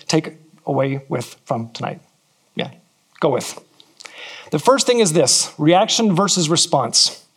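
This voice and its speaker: Man, pastor type, earnest sermon delivery, slightly higher-pitched voice, repeats phrases for emphasis. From California. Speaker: preacher. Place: church in New Zealand.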